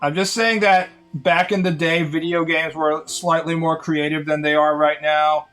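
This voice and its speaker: A man's voice: on the high side, little pitch movement, normal speed, a bit bright, smooth, soft background music. A man chatting casually on a live stream in a sardonic, rambling way.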